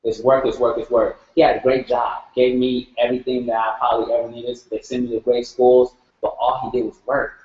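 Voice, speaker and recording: A man's voice: medium pitch, level tone, fairly quick, few pauses, darkish tone. A man talking earnestly in a group share, searching for words and repeating himself. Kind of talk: heartfelt group sharing. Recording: echoey room, dull sound.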